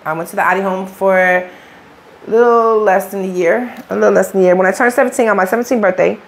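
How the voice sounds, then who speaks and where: A woman's voice: mid-range voice, fairly even intonation, fast talker. A middle-aged woman with a Chicago accent, an interview guest telling her story in blunt, profane street talk. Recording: faint background noise.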